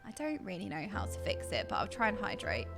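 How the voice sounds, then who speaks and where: A British woman streaming and chatting casually with her viewers, bubbly and excitable, with a slightly dry throat, talking into a desk mic. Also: mid-range voice, fast, vocal fry, loud music behind the voice. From Britain. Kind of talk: casual chat with live stream chat.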